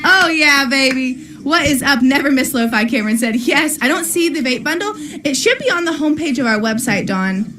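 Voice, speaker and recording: Hyped high-voiced woman selling on a livestream. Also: expressive, moderate pace, hardly any pauses. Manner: bubbly, hyped, shouting greetings to viewers. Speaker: livestream sales host. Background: music.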